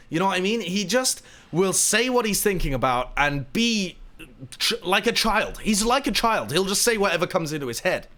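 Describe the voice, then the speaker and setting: A man's voice: sits high, a bit bright. A man telling a rambling, laughing story to his live stream audience.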